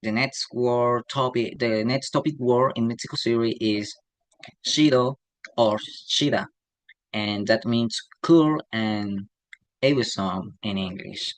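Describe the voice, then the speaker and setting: A young man giving a class presentation in a halting, hesitant way, often ending sentences with a questioning tag. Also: mid-range voice, no echo, low-quality recording. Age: young adult. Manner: halting, tags sentences with "okay?". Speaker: student presenter.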